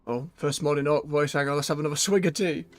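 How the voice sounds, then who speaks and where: A man's voice: on the high side, steady tone, fast talker, faint music behind. A man chatting casually as he plays a video game on stream, thinking aloud and correcting himself.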